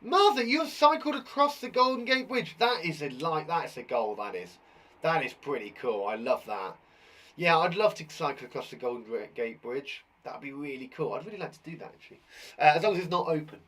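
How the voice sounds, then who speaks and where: A man's voice: mid-range voice, lively intonation, a little fast, a bit bright, breathy edge. A man who teaches and hosts a live children's quiz show, talking in an enthusiastic, jokey, chatty way.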